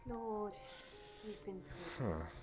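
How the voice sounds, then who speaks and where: A guarded woman in a video game, weary and defensive under questioning. Music plays clearly beneath her lines. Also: mid-range voice, huge pitch swings, slow.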